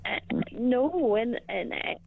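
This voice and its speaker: A woman from Northern Ireland with a Northern Irish accent, calling in and speaking in a hesitant, halting way. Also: fairly high pitch, expressive, creaky. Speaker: caller. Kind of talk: casual phone-in chat. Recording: tinny phone line.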